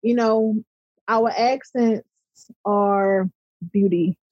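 A woman's voice: medium pitch, fairly even intonation, very slow, dry recording, muffled recording. A middle-aged woman with a Baltimore accent, speaking passionately as an interview guest and often checking in with "right?". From Baltimore, USA. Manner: passionate, emphatic, repeats "right?". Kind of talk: conversational interview.

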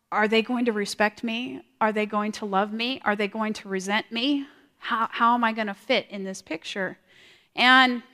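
A woman sharing a personal testimony in a large hall, earnest and halting, often repeating her words. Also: medium pitch, pushed and bright. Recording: long hall reverb.

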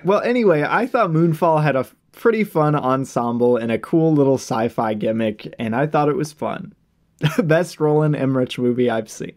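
A man's voice: on the high side, moderate pace, darkish tone. A man co-hosting a casual movie review chat, upbeat and playful, laughing often as he teases his co-host. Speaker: podcast co-host.

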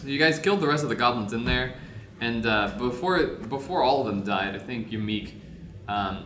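A man's voice: medium pitch, lively intonation, moderate pace. A young man running a tabletop game, recapping the last session in a loose, laughing way with lots of fillers. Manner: casual, laughing, filler-heavy. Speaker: game master. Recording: roomy with background noise.

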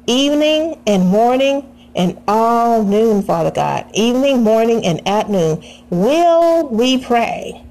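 A woman's voice: fairly high pitch, lively intonation, measured pace, few pauses, darkish tone, low-quality recording. A woman praying aloud, fervent and pleading, returning again and again to the same address to God. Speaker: prayer leader. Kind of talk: spoken prayer.

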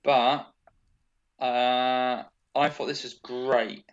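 A man co-hosting a casual wrestling podcast, chatty and rambling with quick asides. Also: mid-range voice, level tone, smooth. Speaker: podcast co-host. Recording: dull lo-fi sound.

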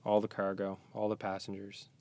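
A man who is a parent, talking as a guest on a podcast in a small closet, tired, soft-spoken and halting, with joking asides. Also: on the low side, completely flat delivery. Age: young adult to middle-aged, a parent. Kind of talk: casual podcast chat.

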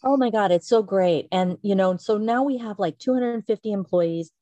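A middle-aged woman, a company founder as a guest, telling her story in a casual interview and acting out quotes with big jumps in pitch. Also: moderate pace, dark tone, dry recording, dull audio.

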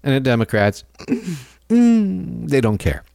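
A male radio host delivering a loose, sardonic monologue, often chuckling to himself. His pitch swings lively up and down. The sound is dry and close. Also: takes it slowly, creaky, no room sound. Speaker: radio talk show host.

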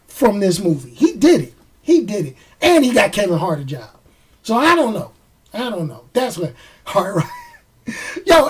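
A man's voice: sits high, slightly rough. A man giving a casual, jokey movie review. He acts out the fight scenes with his own sound effects.

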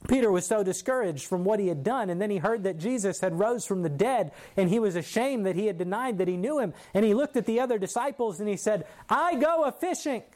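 A man's voice: high-pitched, a little mellow. A man preaching a sermon, retelling a scripture story in a vivid, conversational way.

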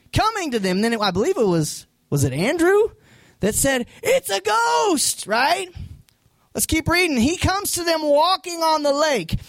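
A man preaching a sermon as pastor, animated and acting out voices from the story. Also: very high-pitched, dry recording.

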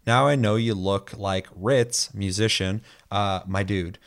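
A man's voice: on the low side, a little slow. A young man hosting a podcast in casual chat, reading out listener comments, loose and profane, laughing easily. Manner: loose and profane, laughs often, animated when telling stories. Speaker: podcast host.

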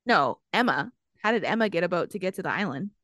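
A young woman co-hosting a casual book podcast. Her pitch swings widely as she gives blunt, profane takes. The sound is close and dry. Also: lively intonation, fast, fairly bright tone, no room sound. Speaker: podcast co-host.

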